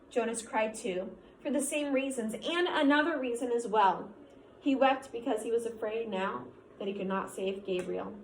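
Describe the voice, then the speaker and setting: A woman reading a novel aloud to a student in a steady, even way, now and then stopping to ask questions. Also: a little high, slight background noise. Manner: reads steadily, stops to quiz the listener. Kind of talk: classroom read-aloud of a novel. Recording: echoey room, faint ambience.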